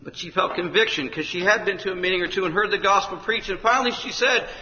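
A man preaching an urgent revival sermon in a large hall, rising to shouts at the climaxes. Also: high-pitched, steady tone, fast. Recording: dull, echoey hall with faint noise.

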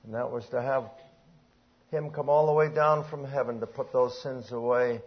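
A man preaching a sermon, reading scripture aloud and building to emphatic, rising points, often clearing his throat. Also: medium pitch, steady tone, normal speed, lo-fi sound.

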